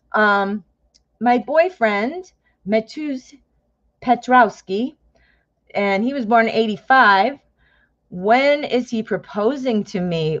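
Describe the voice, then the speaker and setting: A woman's voice: fairly high pitch, takes it slowly, no room sound, dull audio. Chatty woman in her fifties reading tarot. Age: 50s. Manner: chatty, excitable, exclaims often. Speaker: tarot reader. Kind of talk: live-stream tarot reading.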